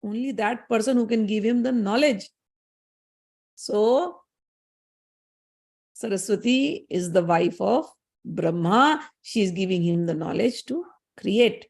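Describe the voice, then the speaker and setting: A woman's voice: medium pitch, slow pace, creaky, pauses often, a little mellow. Woman retelling a scripture story. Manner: conversational, explanatory, with fillers and asides. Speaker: spiritual teacher.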